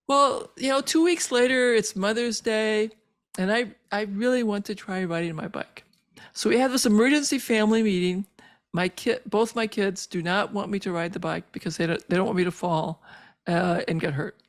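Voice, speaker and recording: Older woman, physician guest, earnest story, halting, many fillers, emotional, mid-pitched voice. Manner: emotional when reliving moments. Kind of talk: personal story in a podcast interview.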